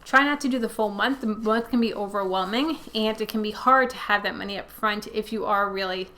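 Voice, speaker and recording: Speaking briskly in a mid-range, pushed and bright voice, a young personal finance host reads viewer questions aloud in a laid-back Q&A. She answers in a chatty, conversational way, leaning on plenty of fillers.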